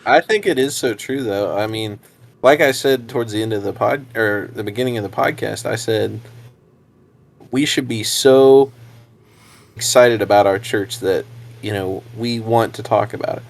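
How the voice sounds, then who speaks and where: Man, young adult, low voice, podcast co-host, casual church talk, rambling. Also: moderate pace, creaky. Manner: rambling, repeats words, laughs often.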